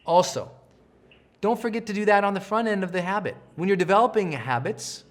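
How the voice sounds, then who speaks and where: A middle-aged man giving a live coaching session, energetic and animated, often acting out the voices of people he quotes. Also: sits high, brisk. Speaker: self-help trainer.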